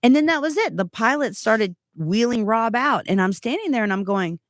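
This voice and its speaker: A woman in her thirties giving an earnest, animated personal testimony, full of asides. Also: fairly high pitch, normal speed, no echo, studio quality.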